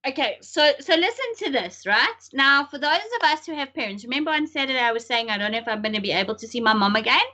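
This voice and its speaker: A middle-aged woman talks emphatically in a casual podcast chat. Her voice is bright and a little high, and she pushes her points hard. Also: fast talker, few pauses. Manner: emphatic, animated, sometimes laughing nervously. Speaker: podcast co-host.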